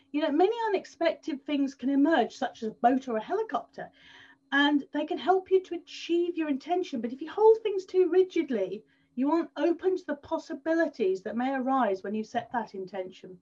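High-voiced woman giving a talk. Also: moderate pace. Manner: animated storyteller, leaning on repeated words. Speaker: speaker at an event. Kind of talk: presentation talk with storytelling. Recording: dull slightly lo-fi sound.

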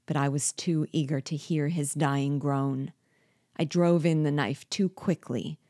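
A bitter, scheming male dwarf and one-time jester gloats over his captive in a low, dry voice, as a woman reads him aloud from a storybook. He speaks slowly and deliberately, savoring each threat. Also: darkish tone, no echo, full character voice.

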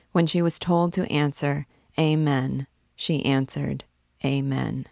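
A woman reading a classic novel aloud in a measured, dramatic way. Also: low voice, no room sound, studio quality. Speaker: book reader and guide.

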